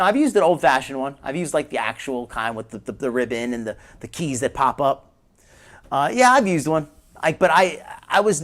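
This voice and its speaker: A man in his forties hosting a live stream, rambling casually while reacting to clips. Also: on the high side. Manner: rambling, chatty, quotes his younger self in a raised voice.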